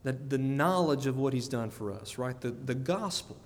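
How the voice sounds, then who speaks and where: A man's voice: mid-range voice, animated, normal speed, in a large hall. A man preaching a sermon in an earnest way, often repeating words and putting questions to his listeners.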